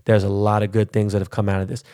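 A man's voice: lowish voice, flat delivery, fast, mellow, clear, resonant tone, dry recording, studio quality. A middle-aged man hosting a podcast, talking in a blunt, profane, rambling monologue full of street slang. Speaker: podcast host.

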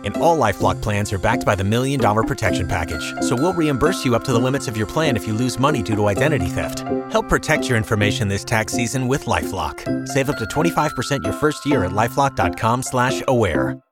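A man announcer giving a scripted ad read in a smooth, even sales delivery. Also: medium pitch, fast, few pauses. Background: loud music.

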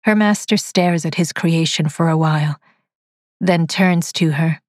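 Slow, measured woman narrator. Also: deep voice, no echo, clean studio sound. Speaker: audiobook narrator. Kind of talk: scripted story narration.

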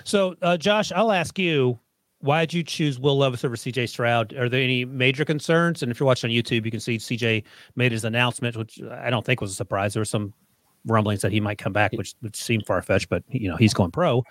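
A man hosting a casual sports talk show, briskly moving through mock draft picks. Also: medium pitch, fairly bright tone, no room sound. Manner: brisk, moves the segment along. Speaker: podcast host running a mock draft.

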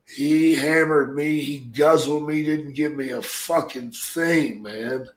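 An older man telling profane stories in casual chat, with a gruff manner and loud acted-out quotes. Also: on the high side, slow. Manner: gruff, swears constantly, acts out quotes loudly. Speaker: podcast guest, storyteller. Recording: echoey room.

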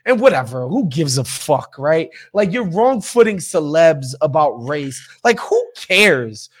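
A podcast host talks bluntly and animatedly, swearing plenty, in a casual, opinionated chat. His voice is on the high side with big pitch swings and a slightly slow delivery.

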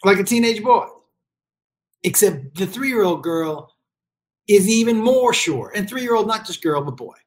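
Middle-aged parent with mid-range pitch, blunt and foul-mouthed, riffing in a comedic rant. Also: animated, unhurried. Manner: blunt, profane, emphatic. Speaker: parent giving advice.

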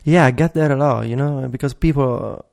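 A man's voice: medium pitch, moderate pace, creaky, darkish tone. A man with an Italian accent, a native Italian speaker, co-hosting a podcast with an eager, easygoing manner. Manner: eager, laughs easily. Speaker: podcast co-host. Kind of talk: casual chat.

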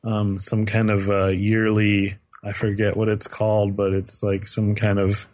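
A man's voice: fairly low pitch, completely flat delivery, a little slow, a little mellow. Man, podcast co-host, loose rambling delivery with fillers and restarts. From lives in western Canada. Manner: rambling, many fillers and self-corrections. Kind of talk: casual chat.

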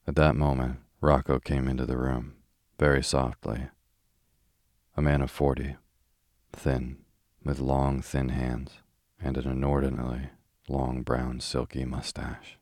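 Very deep, monotone male sleep-story narrator. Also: unhurried, dry recording, studio quality. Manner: soothing, monotone. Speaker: audiobook narrator. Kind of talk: slow sleep-story reading.

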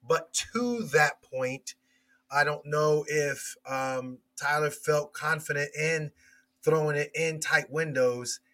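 Former player, male, guest analyst. Bright and a little high, hesitant, repeats words. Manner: hesitant, halting with many restarts. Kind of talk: casual podcast chat.

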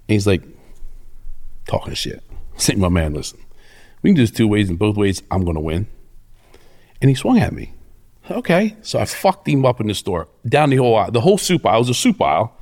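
A middle-aged man telling stories in a fairly low voice that swings up and down a lot. He swears freely and brags. His delivery is loose and conversational. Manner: profane, cocky, animated storyteller. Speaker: interview guest. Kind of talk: casual storytelling.

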